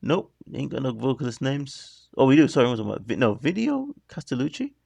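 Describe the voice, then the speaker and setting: A man's voice: medium pitch, huge pitch swings, brisk, creaky, a little mellow, slightly rough, dry recording. A man hosting a reaction video, talking through the music in a chatty, rambling way that keeps breaking off mid-thought. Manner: chatty, rambling, self-interrupting. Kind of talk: casual rambling commentary.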